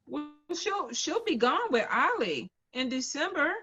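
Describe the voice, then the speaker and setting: Bright animated woman chatting. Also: sits high, measured pace, dull audio, soft background music. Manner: animated storyteller, acts out quotes. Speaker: co-host. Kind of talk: casual chat.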